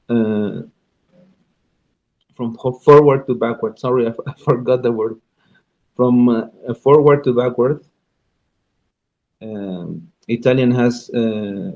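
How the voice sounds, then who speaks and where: Slow, halting man with a Spanish-speaking background. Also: mid-range voice, vocal fry, dark tone, muffled recording. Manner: halting, many restarts and fillers, thinking aloud. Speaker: radio show host. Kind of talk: unscripted radio talk about learning languages.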